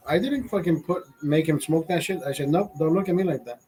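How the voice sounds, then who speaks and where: A man's voice: on the high side, a little fast, dark tone, husky, low-quality recording. A man in his forties from Honduras telling a rambling, profane story in casual chat, laughing as he goes. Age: 40s. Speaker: podcast host.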